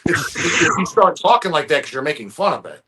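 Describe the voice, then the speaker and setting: A man's voice: a little high, big pitch swings, fairly quick, bright, forceful tone, husky. A man hosting a casual live-stream chat, rambling and profane, often stumbling over restarts. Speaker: stream host.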